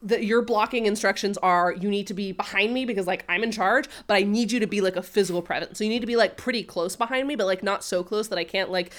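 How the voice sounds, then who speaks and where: A woman's voice: medium pitch, fast talker, hardly any pauses. A woman co-hosting a podcast, chatting casually, filling her talk with "like" and laughing easily. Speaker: podcast co-host recapping a TV show. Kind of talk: casual chat.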